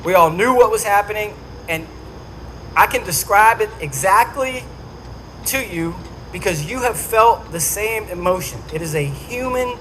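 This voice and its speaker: A man speaks to a dinner audience in a high-pitched voice and tells his story with animation, acting out each quote. A faint hum of the event venue sits under him. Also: animated, a little slow, sharp tone, low-quality recording.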